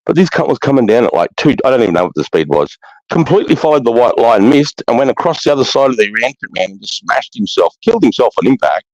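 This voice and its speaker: A man's voice: medium pitch, quick pace, no echo, poor audio. Aussie bloke in his 40s, swears a lot, dry close sound, just telling crash stories. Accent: Australian. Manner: blunt, swears heavily, animated storyteller. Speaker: podcast host. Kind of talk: casual storytelling chat.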